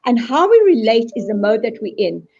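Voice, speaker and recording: Animated woman on a dull video call. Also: on the high side, brisk, creaky, slightly rough. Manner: animated, acts out quoted voices. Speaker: guest speaker on resilience. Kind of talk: live video call discussion.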